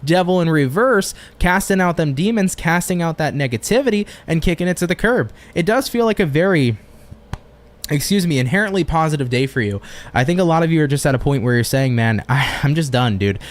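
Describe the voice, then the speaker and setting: A man's voice: on the high side, animated, a little fast. A man giving a chatty, upbeat tarot reading on a live stream, with casual slang and swearing. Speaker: tarot reader.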